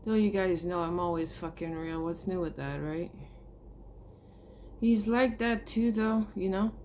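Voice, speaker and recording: At a measured pace and with a darkish, lowish voice, a woman pours her heart out to her viewers as a spiritual vlogger. Her monologue is earnest and emotional, with casual swearing and slight background noise.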